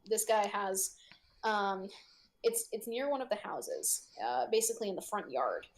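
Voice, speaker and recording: A woman's voice: mid-range voice, sing-song, measured pace, slight background noise. A woman narrating a tabletop game as game master, rambling with lots of ums and frequent giggles. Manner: rambling, giggly, full of fillers.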